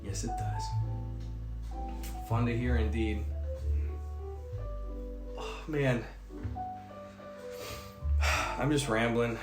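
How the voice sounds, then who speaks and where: A man's voice: mid-range voice, steady tone, extremely slow, long pauses, reverberant, over music. A man chatting casually on a livestream, rambling and swearing as he reads out chat messages, and a little sick. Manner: rambling, swearing, jokey asides. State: a bit sick. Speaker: streamer reading chat.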